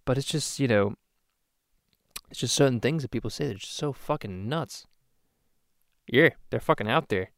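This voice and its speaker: A man's voice: mid-range voice, lively intonation, normal speed, creaky, long pauses, no echo, clean studio sound. A man venting in a rambling, profane, exasperated way, in a casual rant to the camera as host of his own channel. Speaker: YouTube host.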